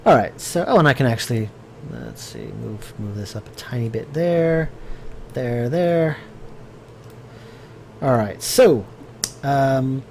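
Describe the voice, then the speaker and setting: A man's voice: medium pitch, a little mellow, slight background noise. Man rambling while working on stream. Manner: thinking aloud, rambling with many fillers and restarts; chatty, answers viewer chat. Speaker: game developer streaming his work. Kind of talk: casual live-stream commentary while working.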